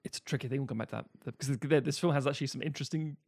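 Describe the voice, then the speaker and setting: A man's voice: medium pitch, very fast, a little mellow, no echo. A man co-hosting a podcast, recapping a film in casual, sweary, laughing chat.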